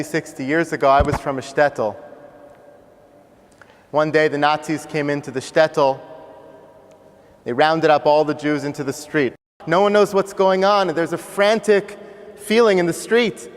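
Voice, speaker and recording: A man telling a story dramatically, acting out voices and swinging between loud and soft. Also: a little high, moderate pace. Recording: long reverb of a hall.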